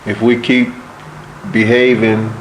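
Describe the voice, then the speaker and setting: Man interviewer, somewhat low voice. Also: level tone, takes it slowly, slight background noise, poor audio. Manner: long, winding questions with fillers and repeated words. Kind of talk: interview questions.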